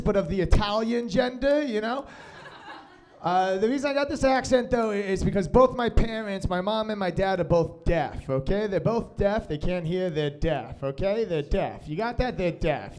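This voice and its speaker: A man's voice: high-pitched, a little mellow. A man from Long Island with a Long Island accent, doing a live stand-up set in a small comedy club. He grew up with sign language as his first language and talks in a profane, self-deprecating way, full of "bro" and "dude.". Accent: Long Island New York. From Long Island, New York. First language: American Sign Language.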